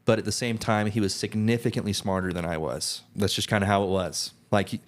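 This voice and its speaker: A man's voice: on the low side, steady tone, a little fast. A young man co-hosting a podcast, telling rambling stories in casual chat with lots of fillers. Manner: rambling, many restarts and "like" fillers. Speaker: podcast co-host.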